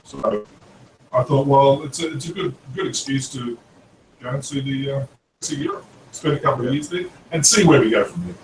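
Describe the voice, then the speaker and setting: A man chatting casually on a live stream, pausing often with fillers. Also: medium pitch, big pitch swings. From Australia. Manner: hesitant, many fillers. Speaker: panel guest. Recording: roomy and distant with faint noise.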